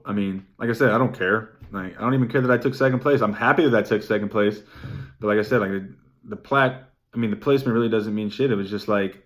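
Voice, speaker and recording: A young man recapping his race in a vlog, excited and rambling, swearing freely and saying "like" often. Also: fairly low pitch. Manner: excited, rambling, swears a lot, many "like" fillers. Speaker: vlogger.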